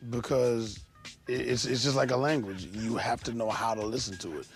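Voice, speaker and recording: A man's voice: mid-range voice, steady tone, moderate pace, soft background music. A middle-aged man, a hip hop DJ, explaining in an emphatic, streetwise way and acting out sounds. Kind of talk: animated interview explanation.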